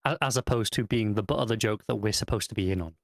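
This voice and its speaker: A man's voice: on the low side, fast talker, gravelly, no room sound. Wry man, dry close sound. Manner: wry, teasing interjections. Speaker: TV review co-host. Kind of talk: casual TV review chat.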